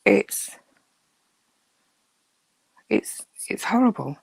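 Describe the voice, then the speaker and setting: A woman's voice: medium pitch, big pitch swings, very slow, gravelly, slightly rough, dry recording. A woman hosting a casual live chat with her viewers, teasing and chatty as she answers them. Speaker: livestream host chatting with viewers.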